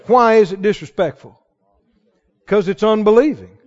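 Casting: high, lively male pastor, shouting rhetorical questions, dull recording. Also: normal speed. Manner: swings from hushed asides to shouted exclamations; fires rhetorical questions at the congregation. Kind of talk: sermon.

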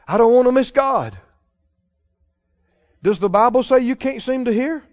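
A man's voice: very high-pitched, normal speed, pauses often. A man preaching a sermon, stretching out his key phrases for emphasis and chuckling now and then. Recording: dull lo-fi sound.

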